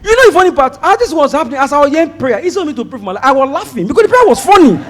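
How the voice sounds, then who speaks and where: A Nigerian man performing a stand-up comedy set, telling a story and acting out shouted prayers. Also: very high voice, sing-song, very fast. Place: comedy stage before a live audience. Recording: live show with crowd audible.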